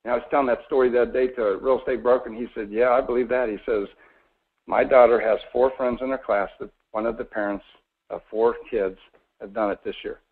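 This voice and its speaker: A man's voice: mid-range voice, steady tone, quick pace. A man in his forties giving a folksy, persuasive mortgage sales talk on a conference call, often asking his listeners questions. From Florida. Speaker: mortgage presenter. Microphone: phone or conference call line. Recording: tinny phone-line audio.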